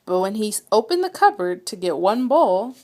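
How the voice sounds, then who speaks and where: A woman reading a children's picture book aloud with expressive, dramatic storytelling. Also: medium pitch, moderate pace, slight background noise. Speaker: read-aloud reader.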